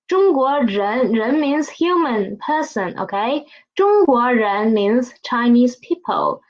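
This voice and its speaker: A woman's voice: a little high, dull audio. A woman teaching a beginner language lesson, speaking patiently and repeating words for the listener to echo.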